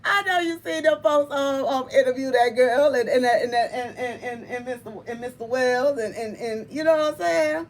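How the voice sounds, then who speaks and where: Animated, laughing woman tarot vlogger. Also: a little high, normal speed, few pauses. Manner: animated and emphatic, laughs often, repeats phrases; colloquial, addresses viewers as y'all and honey. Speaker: tarot reader and channel host. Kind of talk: casual chat to viewers.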